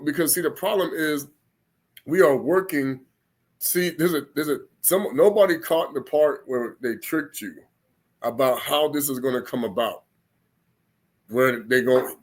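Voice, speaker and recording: A man's voice: mid-range voice, fairly bright tone. A man giving an informal spoken sermon, rambling and repeating himself as he acts out the people he quotes. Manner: rambling, repeats words, slips into quoted voices. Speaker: preacher.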